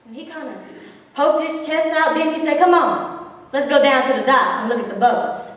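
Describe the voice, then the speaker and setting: Actress doing a spirited lady telling her girlhood story, high voice, hushed then bold, far off in an echoey hall. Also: normal speed. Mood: wistful. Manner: vivid storytelling, swinging between hushed and bold. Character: spirited woman recalling her defiant girlhood. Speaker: stage actress. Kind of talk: theatrical monologue.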